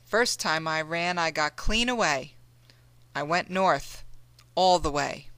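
A reader voicing a man who escaped slavery, speaking low, steady and plain. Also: slow, no room sound, full character voice, poor audio. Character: calm escaped slave man, quiet resolve.

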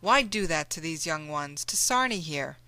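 A woman narrating an audiobook in a measured storytelling manner. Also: sits low, lively intonation, bright, forceful tone, no echo. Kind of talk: scripted narration.

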